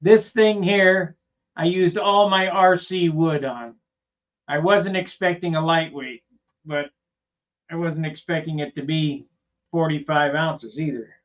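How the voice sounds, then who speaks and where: A man with a slightly high voice rambles through a casual workshop vlog, plainspoken and full of loose asides. The recording sounds dull and lo-fi, with the top end rolled off. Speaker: model airplane builder and channel host.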